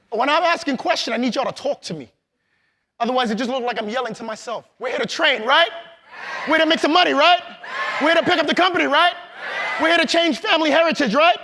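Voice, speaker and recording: A man with a very high voice gives a live motivational training talk in a large event hall. He is loud and hyped, calls on the audience to shout back, and laughs between points. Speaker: motivational speaker.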